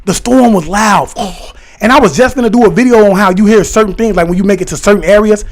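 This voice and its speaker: High-voiced man rambling excitedly to viewers. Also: fast talker. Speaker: live streamer talking to chat. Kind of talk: casual livestream chat.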